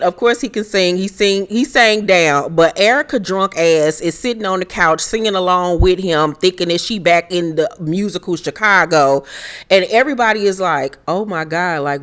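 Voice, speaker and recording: Sassy woman recapping reality TV. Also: fairly low pitch. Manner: sassy, profane, animated storytelling; acts out quotes in put-on voices. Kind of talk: casual reality show recap commentary.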